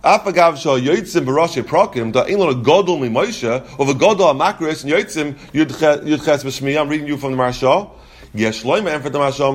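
A man teaching a Talmud lesson, explaining the text step by step. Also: a little high. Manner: explains step by step, mixing Yeshivish terms into English.

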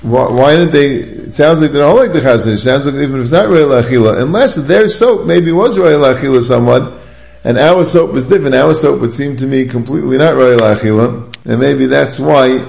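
A man's voice: mid-range voice, brisk, gravelly, a little mellow, reverberant. A man giving a Talmudic study lecture, reasoning aloud through sources and posing questions to himself as he goes. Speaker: rabbinic lecturer.

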